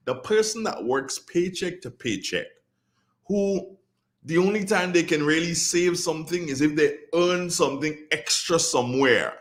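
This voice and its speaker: A man's voice: fairly high pitch, a bit bright. A man with a Grenadian accent hosting a radio talk show, commenting earnestly and repeating phrases for emphasis. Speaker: radio host.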